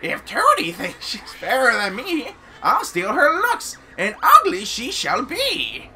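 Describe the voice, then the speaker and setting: A gamer voicing a spiteful, gloating old witch in slow sing-song rhymes while reading game dialogue. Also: high voice, wildly swooping pitch, over music, full character voice.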